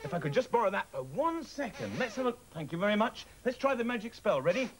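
A man's voice: high-pitched, sing-song, fast talker. A man presenting a children's TV show, coaxing and cheering children in a playful, cheerful way, in a noisy TV recording. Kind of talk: lively talk to children.

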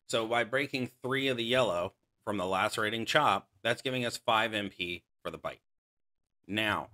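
A man's voice: on the low side, sharp tone. A man hosting a mobile game channel, giving casual gameplay commentary that explains strategy and often corrects himself mid-sentence. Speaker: gaming channel host.

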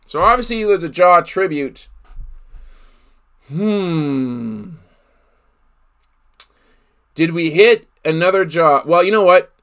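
A man's voice: a little high, fairly bright tone. A man hosting a live card break, calling out each player he pulls and exclaiming over the big hits. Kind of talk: live card-opening commentary.

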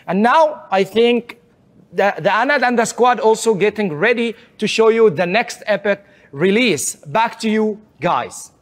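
A man giving an upbeat promotional pitch for online store deals, repeating words for emphasis. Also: animated, measured pace. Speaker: sales presenter.

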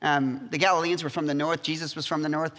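High, bright-voiced preacher in a big hall. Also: male voice, fast. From United States. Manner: animated storytelling, acting out quotes. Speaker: pastor. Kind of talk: sermon. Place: church sanctuary. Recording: reverberant church hall.

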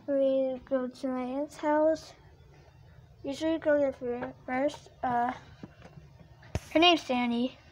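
A female vlogger talks casually to her viewers in a high, bright-pitched voice. She speaks slowly and rambles, filling gaps with ums and uhs. Faint noise sits behind her. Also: fairly even intonation. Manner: rambling, many fillers and restarts. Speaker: toy collector vlogger. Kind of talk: casual chat to camera.

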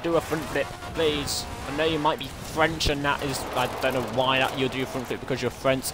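A man excitedly commentating his own racing game play, breaking into strings of repeated exclamations. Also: a little high, brisk, few pauses, background noise. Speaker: gaming streamer. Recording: game music behind.

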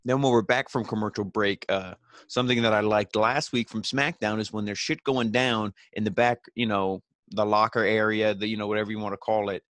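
Young guy rambling and cussing thru a recap, lowish voice, dry close mic. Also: fairly even intonation, a little fast, fairly bright tone, dry recording. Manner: rambling, swears freely, many fillers. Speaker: podcast host reviewing wrestling. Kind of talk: casual recap.

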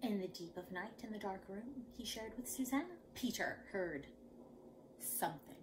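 A woman reading a picture book aloud to young children, dramatic and lively. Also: mid-range voice, normal speed, background noise. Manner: animated, dramatic. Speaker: children's storyteller.

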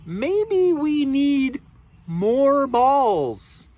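A man's voice: very high voice, very animated, drawn-out words, a little mellow, highs cut off, pitched above the performer's own voice, exaggerated voice. A man voicing a puzzled, earnest male elephant in a read-aloud storybook. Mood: wondering.

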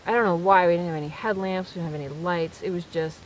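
Woman vlogger, casual and animated, telling camp stories outdoors with a faint hiss. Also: lowish voice, fast talker, poor audio. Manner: chatty, animated storyteller. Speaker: solo camping vlogger. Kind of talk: casual storytelling to camera. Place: outdoors in the woods at night.

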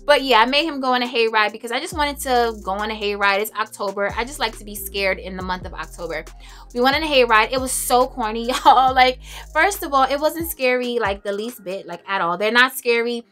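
A young woman chatting casually to camera about her favorite fragrances, expressive and laughing often. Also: on the high side, a little fast. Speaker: beauty and fragrance vlogger.

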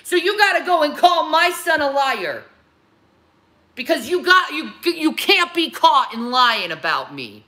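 A woman in her thirties rants on a livestream, talking back to her critics in a heated, confrontational way. Her voice sits a little high and comes out bright and forceful. She hammers her points by repeating the same phrases. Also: sing-song, a little slow. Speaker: livestream host. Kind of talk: angry livestream rant answering critics.

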